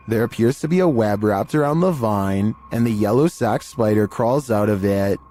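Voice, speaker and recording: A man reads scripted narration for a creepy video compilation, telling it in a measured, deliberate storytelling style. His voice is on the low side and mellow.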